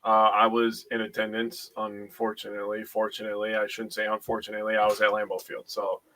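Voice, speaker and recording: Flat-toned Wisconsin sports co-host. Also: male voice, lowish voice, a little fast. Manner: rambling, self-correcting. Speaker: podcast co-host. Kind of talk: casual sports podcast chat.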